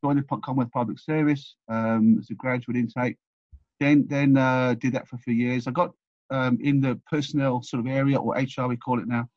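An Englishman in his sixties talks quickly through rambling life stories, often restarting his sentences. His voice is husky. The recording is dry and somewhat dull. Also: medium pitch, fairly even intonation, no echo. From England. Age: 60s. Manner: rambling, anecdotal, many restarts. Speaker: guest. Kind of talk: casual storytelling interview.

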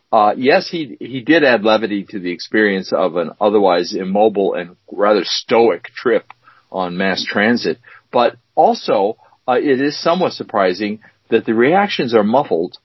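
Podcast co-host: man, husky and fairly low, casual and rambling, on a dry, dull recording. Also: expressive, moderate pace, dry recording. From United States. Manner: rambling, with many fillers and restarts. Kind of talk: casual chat.

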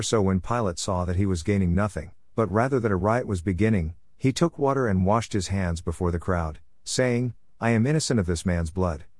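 Man with a lowish voice, dry close sound, steady scripture reading that calls out each verse number. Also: no room sound. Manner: measured, announces each verse number aloud. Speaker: Bible reader.

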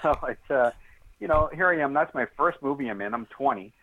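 A man's voice: medium pitch, brisk, background noise. Man telling a story over a phone line. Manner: animated, straightforward storyteller acting out dialogue. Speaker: interview guest. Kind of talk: storytelling in a podcast interview.

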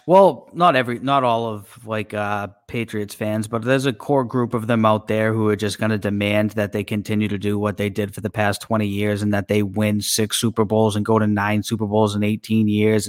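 Low-voiced man on a sports podcast. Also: no room sound, clean studio sound. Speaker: podcast co-host. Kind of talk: casual sports talk.

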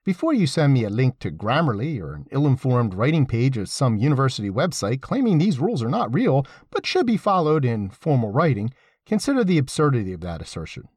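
Wry man reading an essay, husky. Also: mid-range voice, a little fast, no room sound, studio quality. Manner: wry, sardonic asides; lively, emphatic delivery. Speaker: essay reader.

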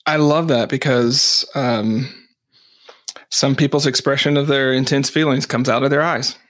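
A man's voice: medium pitch, fairly even intonation, a little slow, a bit bright. Podcast guest man, reflective, explaining, easy laughs between points. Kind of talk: casual chat.

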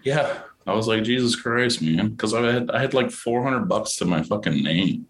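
A man's voice: on the low side, animated, moderate pace, a little hiss or hum, rough recording. A man in his thirties from Florida, an actor telling profane stories from film sets in a casual interview, acting out quotes in raised voices. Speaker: actor guest.

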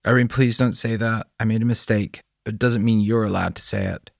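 A man voicing a weary, quietly detached father. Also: fairly low pitch, steady tone, brisk, creaky, no room sound, studio quality, voice pushed up.

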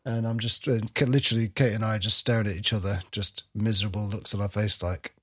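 A man's voice: on the low side, flat delivery, fast talker, fairly bright tone, husky. A man who co-hosts and produces a podcast and talks in a rambling, hesitant, self-mocking way. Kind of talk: casual banter.

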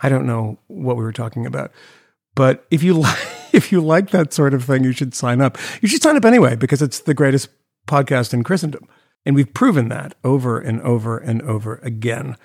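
Podcast co-host, male, gravelly and sarcastic, dry close sound. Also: medium pitch, fairly quick, dry recording. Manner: sarcastic, mocking, animated rants. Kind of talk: casual chat.

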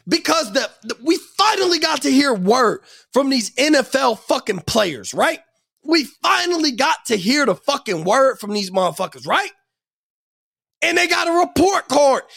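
A man's voice: very high voice, creaky, fairly bright tone. A young man giving an angry, profane sports rant, emphatic and heated. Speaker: sports commentator.

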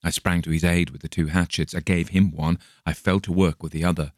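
Male narrator, very low voice with gravelly fry, dry close recording, measured storytelling. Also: flat delivery, dry recording. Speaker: audiobook narrator. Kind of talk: scripted narration of a classic story.

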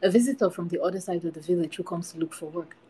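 A woman's voice: fairly low pitch, fast, dark tone, slight background noise, close to an everyday voice. A woman voicing a clever young orphan boy, the youngest brother in a folktale reading.

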